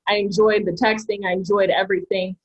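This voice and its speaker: A woman's voice: mid-range voice, little pitch movement, brisk, breathy edge, highs cut off. A woman on a podcast panel telling stories in a chatty way, full of "like" and "um". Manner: chatty, storytelling, frequent "like" and "um". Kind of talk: casual debate chat.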